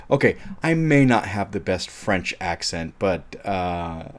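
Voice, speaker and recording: A man's voice: deep voice, very animated, takes it slowly. An American man from California talking casually through an unedited movie review video, chatty, rambling and self-deprecating. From California, USA.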